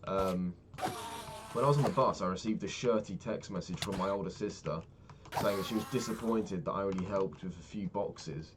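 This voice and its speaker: A man's voice: sits low, normal speed, background noise. A young man chatting casually and rambling, swearing freely as he tells a story while playing a game. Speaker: vlogger. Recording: keyboard clicks and typing behind. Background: keyboard clicks.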